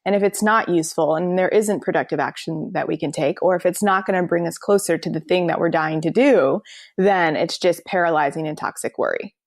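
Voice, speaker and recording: Woman author talking fast and lively. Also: lowish voice, no room sound. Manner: animated, acts out inner voices in quotes. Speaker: author and podcast guest. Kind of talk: casual interview conversation.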